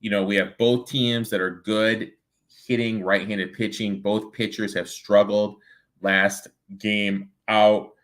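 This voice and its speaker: A man's voice: on the low side, level tone, slow pace, fairly bright tone. A man hosting a sports betting show, chatting casually and rattling off baseball stats.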